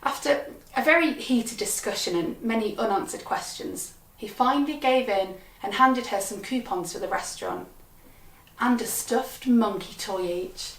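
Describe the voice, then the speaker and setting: Brief: a wry, deadpan woman storyteller with a fairly high voice, in an echoey room, mic set back. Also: moderate pace, far from the mic, slight background noise. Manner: deadpan, wry, punchy delivery. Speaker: comedian storyteller. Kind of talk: comic storytelling performance.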